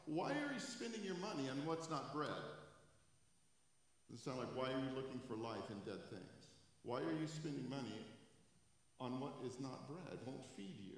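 A man's voice: medium pitch, expressive, moderate pace. A male pastor preaching a sermon to a room and a live stream, raising his voice for quoted scripture. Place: church sanctuary. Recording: echoey hall, long reverb.

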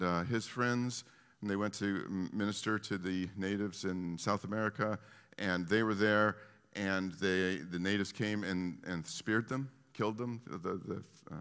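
A man preaching a sermon who tells his stories in an animated way, often stopping and restarting his sentences. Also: on the low side, clear, resonant tone. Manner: animated storytelling with many restarts. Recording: long reverb of a large hall.

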